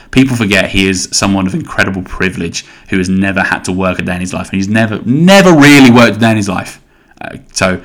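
A man's voice: on the low side, a bit bright. A man in his thirties hosting a solo podcast, rambling casually and swearing as he goes. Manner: rambling, sweary, self-interrupting. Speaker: podcast host.

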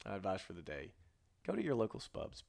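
A man's voice: on the low side, huge pitch swings, fairly quick, creaky, darkish tone. A man with a faded Texan twang co-hosting a podcast, telling stories in a rambling, easygoing way with frequent restarts. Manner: rambling, restarts a lot, laughs easily. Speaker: podcast co-host. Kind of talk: casual chat.

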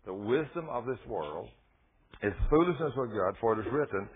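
A man's voice: medium pitch, animated, moderate pace, slight background noise. A man preaching a folksy, emphatic sermon and reading from scripture. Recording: tinny phone-like radio broadcast.

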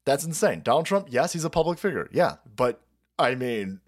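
A man's voice: medium pitch, sing-song, moderate pace. A man hosting a political livestream, ranting in a profane, combative and sarcastic way. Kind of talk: ranting commentary.

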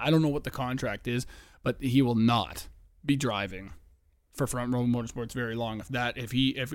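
A man's voice: medium pitch, dry recording. A man hosting a casual solo podcast, rambling with lots of fillers, restarts and swearing. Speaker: podcast host.

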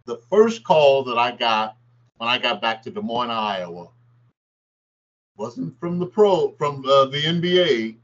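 A man's voice: mid-range voice, a little slow. An older man, a former basketball player, telling stories in an interview and acting out the quotes. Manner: animated storyteller, acts out quotes. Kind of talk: storytelling interview. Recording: dull lo-fi sound.

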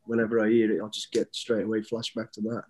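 Man, fifties, warm dark voice, relaxed rambling storyteller, interview guest. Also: lowish voice, fast talker, breathy edge. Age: 50s. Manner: easygoing, rambling anecdotes with many restarts.

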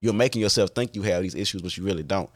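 A man's voice: sits low, racing. A man hosting a podcast, talking alone in a casual, candid way, with many fillers and restarts and casual swearing. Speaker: podcast host.

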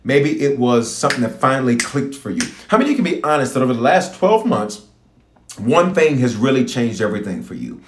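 A man's voice: medium pitch, big pitch swings, brisk. A man preaching a fiery livestream prayer sermon as pastor, with emphatic, repetitive exhortation. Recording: roomy echo.

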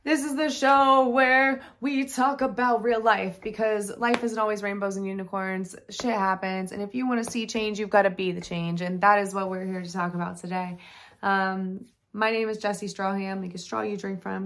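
A young woman hosts her own podcast and tells a personal story in a casual, blunt way, cussing without a second thought. Her voice is gravelly and sits at a middle pitch. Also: fairly even intonation, moderate pace, fairly bright tone. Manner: candid and blunt, swears freely. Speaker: podcast host.

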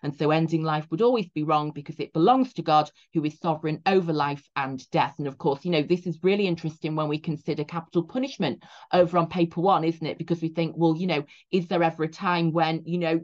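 A woman teaching a revision lecture in a chatty way, full of "you know" asides, slowing down to stress key points. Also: sits low, steady tone, a little mellow, lo-fi sound.

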